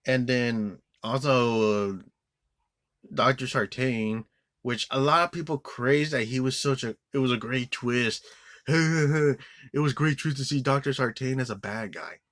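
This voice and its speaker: A man's voice: medium pitch, unhurried, fairly bright tone, no echo. A man giving an angry, profane movie review rant, rambling with many restarts and fillers. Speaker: film reviewer.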